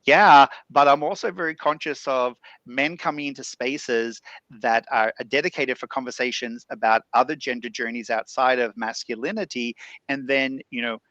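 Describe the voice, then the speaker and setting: A man's voice: mid-range voice, fairly even intonation, normal speed, bright, forceful tone, no echo, lo-fi sound. A man with an Australian accent speaking earnestly on a discussion panel, posing rhetorical questions.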